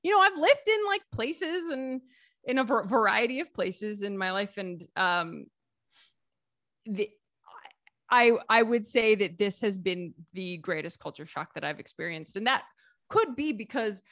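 An American woman chatting as an interview guest, lively and quick to laugh. She talks in a loose, everyday way with plenty of fillers and restarts. Her voice sits at an average pitch and is recorded close and dry. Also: dry recording. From United States. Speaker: author and vlogger guest. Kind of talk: casual interview conversation.

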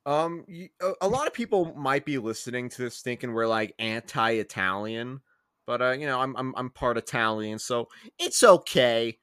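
A man's voice: expressive, moderate pace, a bit bright, clear, resonant tone, dry recording, studio quality. A man co-hosting a podcast in casual chat, swearing a lot and getting exasperated, his voice jumping up when worked up. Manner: profane, exasperated, jumps up in pitch when worked up. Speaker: podcast co-host.

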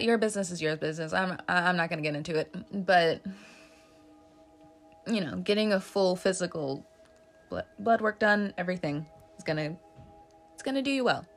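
A woman giving a casual tarot reading, chatty and joking, laughing often and swearing now and then. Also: medium pitch. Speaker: tarot reader.

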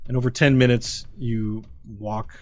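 A man's voice: medium pitch, steady tone, measured pace, dry recording. A man narrating a tabletop game as game master, descriptive with some fillers.

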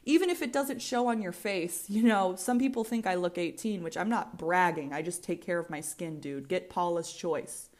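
A woman's voice: fairly low pitch, moderate pace, hardly any pauses, darkish tone. A woman in her twenties with an American accent, hosting a solo podcast in a candid, rambling way, swearing freely and often restarting her sentences. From United States. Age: 20s. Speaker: podcast host.

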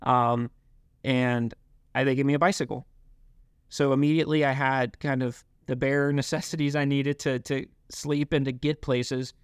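A young man telling his life story in an interview, halting, with many fillers and restarts. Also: medium pitch, little pitch movement, clear, resonant tone, no room sound, studio quality. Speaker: guest. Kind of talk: reflective interview talk.

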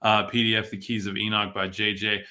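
Low-ish dude rambling on a stream, voice kinda worn out, bright edgy tone. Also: male voice, level tone, a little fast. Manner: rambling, chatty, reads viewer comments aloud. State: losing his voice. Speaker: podcast host reading live chat. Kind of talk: casual livestream talk. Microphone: streaming from a tablet.

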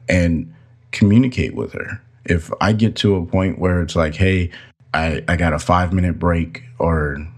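A man hosting a podcast, giving earnest, preachy advice in a casual way. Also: low voice. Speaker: podcast host.

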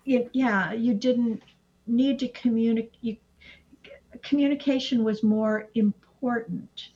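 Slow-talking woman with a lo-fi sound. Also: on the high side. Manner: animated, slips into acted-out quotes. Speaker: astrology teacher. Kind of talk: casual conversation. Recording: dull lo-fi sound.

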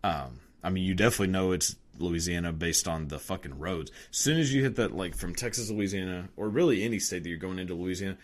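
Young adult man, very low voice, profane casual rant, lots of "like" and restarts. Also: fast talker, hardly any pauses. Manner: crude, profane, rambling with many fillers.

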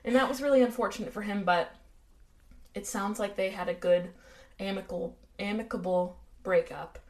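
An American woman co-hosting a true-crime podcast, telling the story in relaxed, chatty talk. She drops dry sarcastic asides, and her pitch sits in the middle range. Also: normal speed. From United States. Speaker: podcast co-host. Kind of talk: casual true-crime chat.

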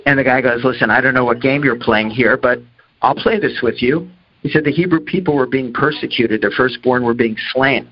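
An older man from New Jersey telling an anecdote from his career and acting out each person's lines. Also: medium pitch. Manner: acts out dialogue with lively voices. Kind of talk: anecdotal storytelling talk. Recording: dull lo-fi audio.

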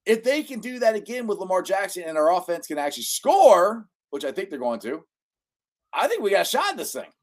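A man hosting a casual sports podcast, chatty and excitable, laughing often. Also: high voice, a little fast. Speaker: podcast host.

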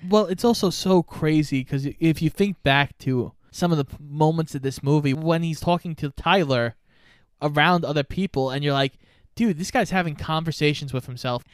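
Young man with a smooth, slightly high voice. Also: normal speed, no echo. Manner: relaxed recapping of plot. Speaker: podcast co-host. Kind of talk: casual movie discussion.

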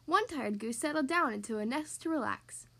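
A woman hosting a podcast, reading a picture book aloud to young children in a bright, expressive storytelling manner. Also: high-pitched, moderate pace. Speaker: podcast host reading to kids.

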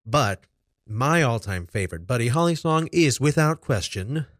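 A man at an ordinary pitch talks through a music countdown in a relaxed, casual way and drops in playful little jokes. The sound is close and dry, with no room around it. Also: normal speed, dry recording. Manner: playful, jokey asides. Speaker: music show host.

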